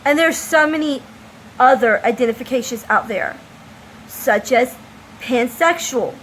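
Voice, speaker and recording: High-voiced woman giving an impassioned opinion. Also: fairly bright tone, slight background noise, rough recording. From United States. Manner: impassioned, emphatic, slow deliberate delivery. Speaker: vlogger. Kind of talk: opinion monologue to camera.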